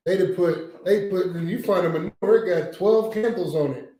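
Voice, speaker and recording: A man's voice: sits high, normal speed, warm tone. A man with a Southern US accent leading a religious class discussion, emphatic and preachy, with casual slang. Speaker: class teacher. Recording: echoey room.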